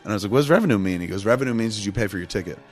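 A man's voice: fairly low pitch, expressive, rapid-fire, faint music behind. A man casually telling a long, rambling, profane story on a podcast, acting out what everyone said. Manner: profane, rambling, acts out quotes.

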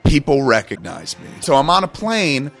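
A man telling a story in a casual podcast chat, animated and full of swearing. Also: medium pitch, moderate pace, faint music behind. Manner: animated, profane, emphatic storytelling.

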